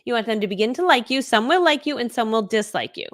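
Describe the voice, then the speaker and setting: Fast, animated woman teaching live. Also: fairly high pitch, no echo, studio quality. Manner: fast, animated, chatty with lots of "like" and laughs. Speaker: online course instructor.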